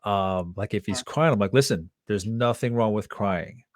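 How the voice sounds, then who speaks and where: A man's voice: fairly low pitch, moderate pace, dry recording, clean studio sound. A man hosting a podcast interview, talking casually and loosely with plenty of fillers. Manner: casual, relaxed talk with fillers. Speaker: podcast host.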